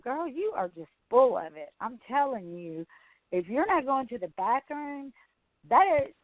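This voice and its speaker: A woman with a voice on the high side hosts a sales training call, chatting in a casual, rambling, folksy way like a storyteller. The recording is dry and comes through a tinny phone line.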